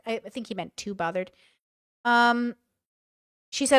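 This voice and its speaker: A woman's voice: on the high side, unhurried, long pauses, fairly bright tone, smooth, no room sound, studio quality. A young woman reading a couple's messages aloud and giving her blunt, casual commentary on them. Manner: reads messages aloud and comments frankly, swearing. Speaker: commentary streamer.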